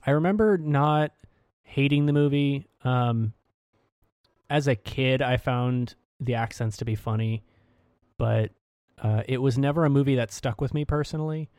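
A man's voice: mid-range voice, unhurried, darkish tone, clear, resonant tone, no room sound. A man co-hosting a podcast, talking in easygoing casual chat with brief replies. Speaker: podcast co-host.

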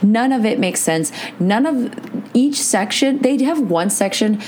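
A woman's voice: on the high side, expressive, a little slow, a little mellow, a little hiss or hum. A woman co-hosting a podcast, chatting casually, swearing freely and telling stories with big jumps in emphasis. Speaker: podcast co-host. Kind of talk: casual chat.

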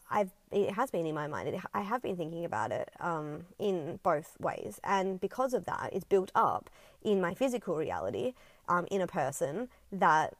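Woman vlogger with a lower voice: earnest, rambling, some swearing, dry close recording. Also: dry recording. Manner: earnest, rambling, frequent ums, casual swearing. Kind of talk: casual reflective monologue.

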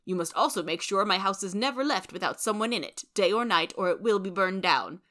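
A woman's voice: mid-range voice, expressive, fairly quick, a bit bright, lightly acted. A woman reading out the letter of a stern, cold elderly uncle in a storybook, firm and formal.

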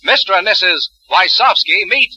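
A man announcing on a radio quiz show, upbeat and crisp, playing straight man to the host. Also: high-pitched, animated, moderate pace, bright, forceful tone, no echo, low-quality recording. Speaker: announcer and sidekick.

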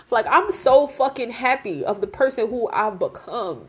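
A woman's voice: fairly high pitch, expressive, normal speed, hardly any pauses, slight background noise. A woman in her twenties hosting a podcast, talking candidly in a blunt, profane and heartfelt way. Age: 20s. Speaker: podcast host. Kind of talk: candid confessional podcast talk.

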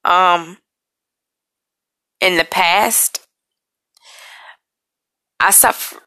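A woman hosting a podcast, talking about personal struggles in an emotional, halting, apologetic way, and she is tired. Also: medium pitch, creaky, sharp tone, no echo. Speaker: podcast host. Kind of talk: personal confessional talk.

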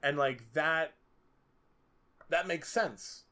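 A man's voice: a little high, very slow, sharp tone. A man co-hosting a podcast, talking about movies in a casual, rambling way, with many fillers and lots of animation. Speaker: podcast co-host. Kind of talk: casual film discussion.

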